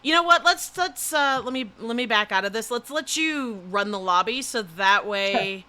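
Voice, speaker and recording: A woman hosting a casual chat while gaming, with quick, apologetic asides. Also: fairly high pitch, animated, pushed and bright, clear, resonant tone. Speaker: host.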